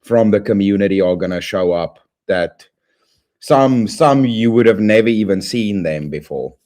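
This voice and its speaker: A man hosting a casual livestream, rambling and shouting out viewers by name with excitable slang. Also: lowish voice, normal speed. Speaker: livestream host.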